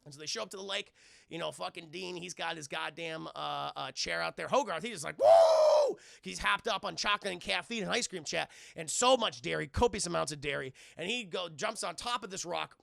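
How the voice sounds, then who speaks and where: A man's voice: a little high, fairly quick, gravelly, no echo, clean studio sound. A man casually recapping a film on a live stream, swearing often and talking to his chat. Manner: profane, animated, addresses chat.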